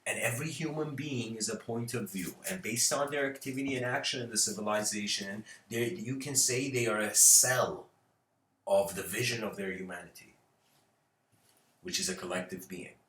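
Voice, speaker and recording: A man's voice: fairly low pitch, moderate pace, fairly bright tone, recorded from a distance. A man giving an informal spiritual lecture, rambling, laughing often and using lots of fillers. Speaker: speaker. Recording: roomy echo.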